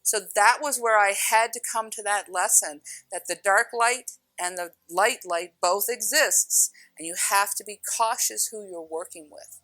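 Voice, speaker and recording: A middle-aged woman telling a personal spiritual story in an animated way, acting out voices and laughing often. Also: mid-range voice, unhurried, hardly any pauses, dry recording, faint music behind, rough recording. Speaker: spiritual speaker.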